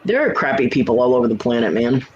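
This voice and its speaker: A man's voice: medium pitch, big pitch swings, quick pace, muffled recording, slight background noise. A man hosting a casual livestream chat from home, telling blunt, profane stories. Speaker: livestream host.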